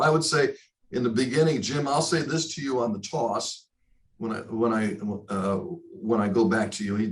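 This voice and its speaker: A man in a relaxed interview, speaking at a middle pitch. His delivery is reflective and stop-start. His pitch leaps high whenever he drives a point home. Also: normal speed, poor audio. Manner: animated, rises sharply in pitch for emphasis; reflective, talks in short stop-start phrases. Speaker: guest, broadcaster. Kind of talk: storytelling in a casual interview.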